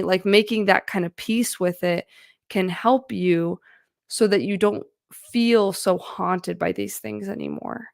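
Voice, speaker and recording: A mental health vlogger talks to the camera, offering casual, earnest advice about feelings, chatty and full of fillers. Her medium-pitched voice is slow and creaky with fairly even intonation, recorded with clean studio sound and no room echo.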